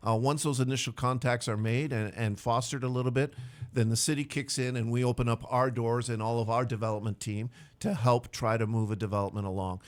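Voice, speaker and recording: A man, a city manager speaking as a radio interview guest, measured and candid with dry sarcastic asides. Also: medium pitch, steady tone.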